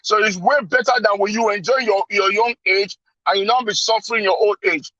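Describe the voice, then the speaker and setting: A man's voice: high-pitched, brisk, bright, forceful tone, no room sound. A man with a Nigerian English accent calling into a live talk show, explaining earnestly and in a friendly way. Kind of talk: casual call-in chat. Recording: dull, dry call-in line.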